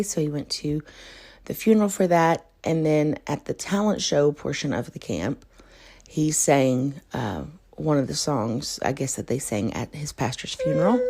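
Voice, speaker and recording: A woman's voice: low voice, mellow. A woman, hosting a casual podcast and telling a story in a chatty, laughing way with many fillers. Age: 30s. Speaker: podcast host.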